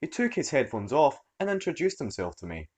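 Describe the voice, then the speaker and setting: A man reading a story aloud as its narrator, in an expressive storytelling manner. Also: medium pitch, a little fast. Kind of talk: scripted narration.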